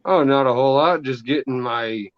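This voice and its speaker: A man's voice: medium pitch, normal speed. Chill guy cussing casually, muffled lo-fi call sound. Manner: casual, swears freely.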